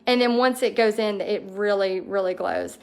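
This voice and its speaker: A woman's voice: mid-range voice, moderate pace. A woman hosting a casual livestream, chatting through viewer comments with bubbly enthusiasm and frequent ums. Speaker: host of a paint party business livestream.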